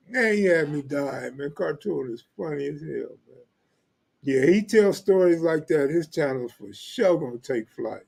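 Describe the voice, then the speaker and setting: A man's voice: a little high, animated, measured pace, creaky, darkish tone, husky. A man from California, hosting a live stream, chatting casually in loose street slang and joking with viewers. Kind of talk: casual chat reading live comments.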